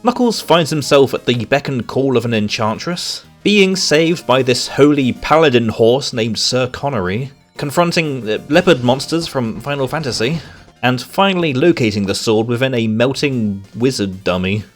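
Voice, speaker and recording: A man reading out a scripted comic review with sarcastic, exasperated commentary. His pitch sits in a middle range but swings widely as he talks. Soft music plays faintly underneath. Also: lively intonation, moderate pace.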